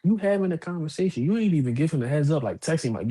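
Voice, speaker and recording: Animated profane man telling stories. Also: fairly high pitch, rapid-fire, few pauses. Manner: animated storytelling, puts on voices of others, profane. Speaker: co-host of a boxing podcast. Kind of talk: casual chat.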